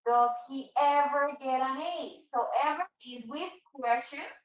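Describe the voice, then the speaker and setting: A patient woman teaching an English class, going over examples and repeating them slowly. Her voice sits high, and the room around her sounds echoey. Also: distant mic. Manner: patient, repeats and explains slowly, switches into Spanish. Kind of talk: online English class for Spanish speakers.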